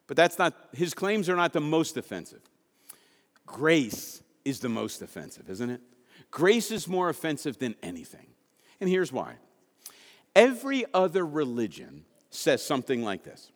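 A man's voice: fairly high pitch, big pitch swings, moderate pace, in a large hall. A man preaching a sermon to his congregation, asking rhetorical questions and repeating key lines for emphasis. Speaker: pastor.

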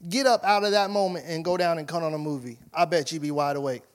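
A male pastor preaching in a high, ringing voice. He punches questions at the congregation and then drops to quiet, intimate asides. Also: fast. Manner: emphatic preaching, rising to loud questions, dropping to soft asides. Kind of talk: sermon.

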